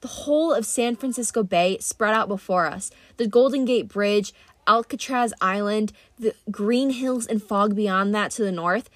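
A woman reading an adventure novel aloud in first-person narration, brisk and expressive. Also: medium pitch, no echo. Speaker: audiobook reader.

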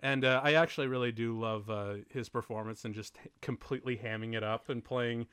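A man chatting casually while watching a movie with friends, excitable, laughing often and swearing in mock outrage. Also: medium pitch, a little fast, smooth, no room sound, clean studio sound. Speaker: movie commentary co-host.

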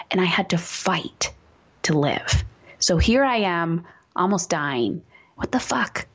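A woman's voice: medium pitch, a little slow, dull audio. A woman guest on an interview podcast, a parenting coach talking candidly with energy, bluntness and frequent swearing.

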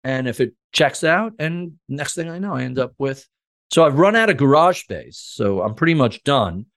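A man's voice: a little high, normal speed. A middle-aged man telling stories in a casual podcast chat, acting out the conversations. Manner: animated, acts out conversations. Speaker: podcast guest. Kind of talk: casual storytelling.

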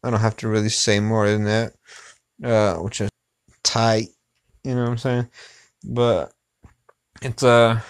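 A man's voice: fairly low pitch, level tone, a little slow, long pauses, clean tone. A young man hosting a podcast, chatting casually in a rambling way with lots of swearing and filler phrases. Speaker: podcast host. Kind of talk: casual chat.

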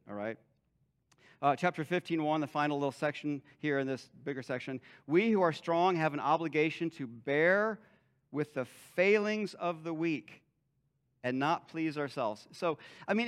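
Conversational pastor with a higher male voice. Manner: conversational, acts out imagined dialogue; ends in a quiet prayer. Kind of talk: sermon.

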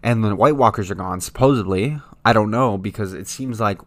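A man's voice: lowish voice, fairly quick, no room sound. A young man in a heated, exasperated monologue, swearing and throwing sarcastic jabs as he rants. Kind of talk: ranting monologue.

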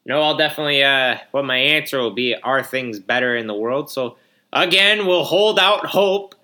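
Young guy in his 20s griping on his podcast, kinda drowsy, lots of uhs, bright sharp voice a bit high. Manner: rambling, filler-heavy, sarcastic grumbling. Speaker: podcast host. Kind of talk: casual solo podcast monologue.

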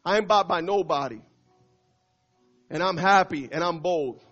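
A man preaching a passionate sermon as pastor, swinging between loud and hushed and dropping in Spanish phrases. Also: a little high, a little slow, muffled recording, faint music behind.

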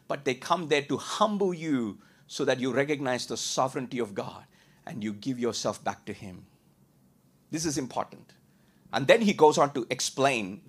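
A man preaching a sermon as a pastor, asking rhetorical questions and repeating points, moving between loud emphatic lines and quiet ones. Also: mid-range voice, husky.

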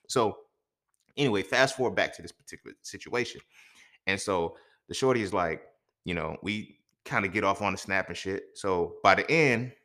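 A man's voice: low-pitched, pushed and bright. A young man hosting a podcast, telling a personal story in a loose, profane, conversational way, often checking in with the listener. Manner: loose, profane, conversational with frequent "you feel me". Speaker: podcast host. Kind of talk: casual storytelling monologue.

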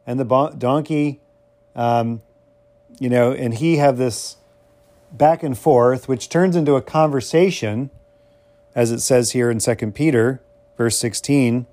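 A man's voice: medium pitch, a little slow, long pauses, darkish tone. A man teaching through a Bible passage on a podcast, musing and hesitant with many ums and wry asides.

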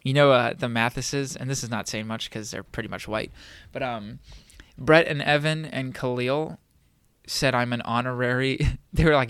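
A man's voice: mid-range voice, normal speed, clear, resonant tone, no echo. A young man chatting casually as a podcast co-host, rambling and full of fillers. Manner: relaxed, rambling, filler-heavy. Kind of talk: casual chat.

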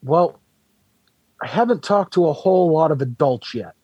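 A man's voice: fairly high pitch, animated, normal speed, darkish tone, breathy edge, no echo, muffled recording. A man playing an easygoing Santa Claus with a Boston accent, answering interview questions in an improvised comedic chat. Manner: easygoing, agreeable, short replies. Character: jolly male Santa Claus guest.

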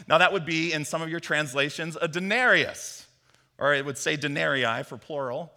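A man preaching a sermon, telling a parable with animated storytelling and bits of acted dialogue. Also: on the high side, normal speed. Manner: animated storytelling, acts out Peter's voice. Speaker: pastor. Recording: long hall reverb.

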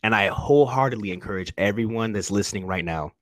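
A man's voice: on the low side, quick pace, fairly bright tone, dry recording. A soldier, a man, speaking candidly and emotionally in a conversation, earnest and emphatic, often restarting his sentences. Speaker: soldier guest.

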